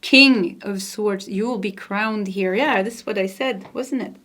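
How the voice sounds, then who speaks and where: A woman with a Nordic accent giving a tarot card reading to camera, soft-spoken and gentle, laughing lightly now and then. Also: medium pitch, measured pace, a little hiss or hum. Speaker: tarot reader.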